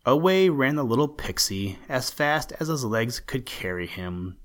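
A man reading a children's storybook aloud as narrator, gentle and measured. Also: medium pitch, expressive.

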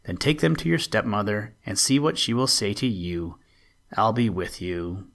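A man voicing a kind, solemn old male saint in a read-aloud storybook, speaking with measured authority. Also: on the low side, creaky. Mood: gentle. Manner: gentle, then solemn and commanding.

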